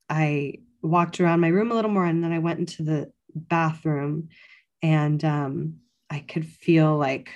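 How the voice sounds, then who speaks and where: Low-voiced woman telling a birth story. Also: a little mellow. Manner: conversational, many "like" fillers, quotes others in her story. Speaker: podcast guest. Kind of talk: casual storytelling.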